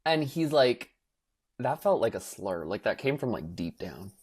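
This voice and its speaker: A young man co-hosting a podcast, chatting casually and telling an animated story, acting out quotes with lots of filler words. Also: mid-range voice, a little slow, husky. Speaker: podcast co-host. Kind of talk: casual chat.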